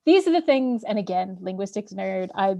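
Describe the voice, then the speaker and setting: A woman's voice: mid-range voice, animated, moderate pace, creaky, mellow. A woman hosting a casual interview, enthusiastic and rambling with many fillers. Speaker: interview host. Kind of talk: casual video-call interview.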